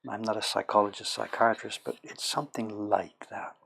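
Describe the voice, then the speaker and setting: A man's voice: lowish voice, little pitch movement, moderate pace, vocal fry, fairly bright tone, a little hiss or hum. A middle-aged man from Canada chatting casually on a livestream as a woodblock printmaker, rambling and self-correcting as he tells stories. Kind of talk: casual chat while working.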